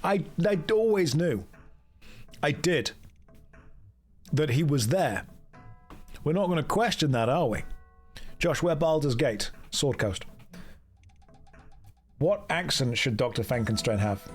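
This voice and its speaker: A chatty male streamer talking through a game in a casual, self-mocking way. His voice is fairly high and very lively, bouncing around as he talks. Soft music plays under him. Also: a little slow, long pauses, husky. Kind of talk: casual live-stream commentary.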